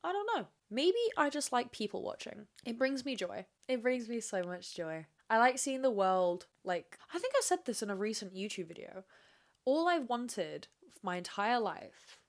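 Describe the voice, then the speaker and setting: A woman's voice: a little high, big pitch swings, moderate pace. Profane, rambling young woman podcaster. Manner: candid, profane, rambling, self-questioning. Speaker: podcast host. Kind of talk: casual solo podcast chat.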